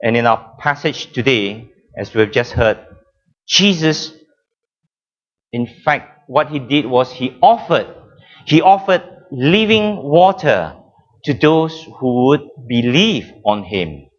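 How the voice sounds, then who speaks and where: A man preaching a sermon with emphatic, drawn-out phrasing, dramatic pauses and frequent repetitions. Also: medium pitch, lively intonation, lo-fi sound.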